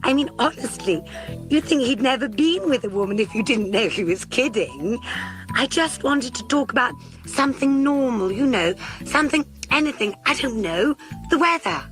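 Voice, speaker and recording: A woman's voice: a little high, expressive, moderate pace, over music, natural voice. An actress playing a prim, well-spoken young woman on a dating show, politely complaining about her date. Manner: polite, prissy disapproval.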